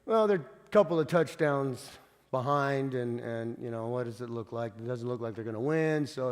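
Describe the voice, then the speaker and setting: Pastor preaching in a reverberant church hall. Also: male voice, mid-range voice, moderate pace. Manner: conversational storytelling with frequent restarts. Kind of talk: sermon.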